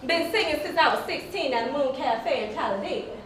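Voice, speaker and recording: A woman playing a petite, spirited young singer, telling her story on a stage in a lively, folksy manner. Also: high-pitched, fairly quick, slight background noise. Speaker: narrator of a one-woman stage play. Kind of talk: theatrical storytelling. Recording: echoey hall from far off, faint music.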